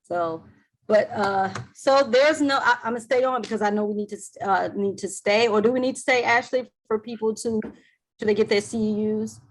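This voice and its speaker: A woman's voice: medium pitch, normal speed, poor audio. Chatty woman presenter with a worn voice. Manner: chatty, warm thanks, trails off with ums. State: voice worn from talking. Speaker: webinar presenter. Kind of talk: casual Q&A wrap-up on a video call. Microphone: video call.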